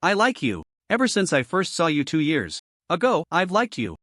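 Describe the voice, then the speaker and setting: A man's voice: a little high, huge pitch swings, normal speed, dry recording, studio quality, heavily acted. A man reading as a shy young woman. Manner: soft, pleading.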